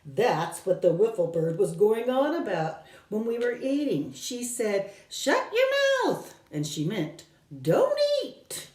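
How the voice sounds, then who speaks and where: A woman voicing a fussy, excitable elderly male professor with high, theatrical exclamations, read aloud from a storybook. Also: takes it slowly, few pauses. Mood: explaining. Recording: roomy, from a distance.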